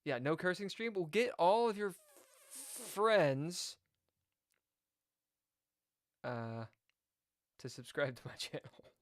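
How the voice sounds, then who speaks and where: A man chats casually on his chess livestream in a playful, teasing way. He jumps from loud bursts to quiet mumbled asides. His voice sits dry and close, with no room sound around it. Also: a little high, sing-song, takes it slowly, long pauses, dry recording. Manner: playful, jokey, swings between loud outbursts and mumbled asides. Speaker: chess streamer. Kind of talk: casual live-stream chat while playing.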